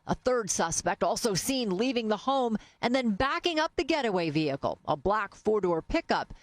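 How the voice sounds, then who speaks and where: A woman reading a scripted news voice-over in a crisp, even style. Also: medium pitch, normal speed, no room sound. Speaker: news narrator.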